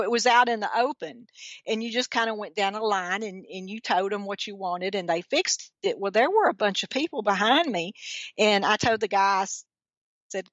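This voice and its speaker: A woman's voice: medium pitch, fairly bright tone, dry recording, dull audio. A woman with a thick Georgia accent, a guest author telling chatty stories in a casual interview. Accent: Georgia Southern. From Georgia, USA.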